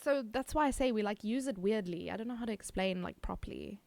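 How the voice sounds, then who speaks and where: A woman's voice: medium pitch, lively intonation, fast, vocal fry, a little mellow, dry recording. A South African woman streamer chatting casually with her viewers, giggly and self-teasing. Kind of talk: casual chat reading viewer messages.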